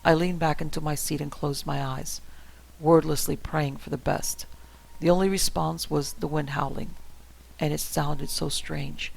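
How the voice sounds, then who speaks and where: A man reading a horror story aloud in the first person, in a steady, tense way. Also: fairly high pitch, measured pace, gravelly, poor audio. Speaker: story narrator. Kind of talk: scripted horror narration.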